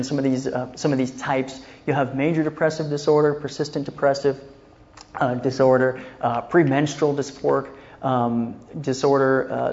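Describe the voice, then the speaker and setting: Chatty man teaching a church class, lo-fi. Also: mid-range voice. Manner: relaxed and chatty, checks in with "okay?" often; retells scripture scenes in everyday speech. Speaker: Christian counseling teacher.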